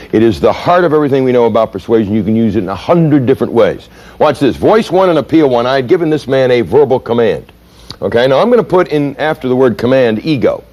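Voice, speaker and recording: A middle-aged man lecturing to a seminar audience in a lively, theatrical way. His pitch leaps up and drops low as he dramatizes stories and mimics people. He is an energetic storyteller who keeps checking in with his listeners. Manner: animated, dramatic storyteller, mimics voices and sounds. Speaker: seminar speaker. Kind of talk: lecture with acted examples.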